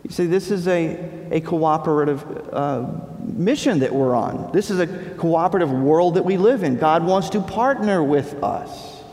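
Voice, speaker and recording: A male pastor delivering a sermon, preaching with dramatic pauses and rising emphasis. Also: a little high, lively intonation, darkish tone. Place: church sanctuary. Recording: long reverb of a large hall.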